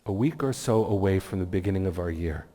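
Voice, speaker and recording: A man's voice: sits low, expressive, brisk, dark tone, long reverb tail. A man giving a heartfelt, inspirational speech with personal stories as guest speaker at a community meeting. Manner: heartfelt, earnest storytelling. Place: community event hall.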